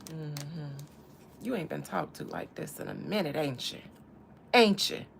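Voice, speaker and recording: With a deep, creaky, expressive voice at a moderate pace, a Southern American woman hosts a casual tarot reading on her channel. She talks in a sassy, teasing drawl, and there's noise in the background.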